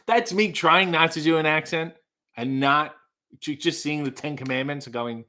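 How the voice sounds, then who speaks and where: A man's voice: a little high, moderate pace, sharp tone. A man hosting a live stream, casually reading out chat messages and answering with wry, profane asides.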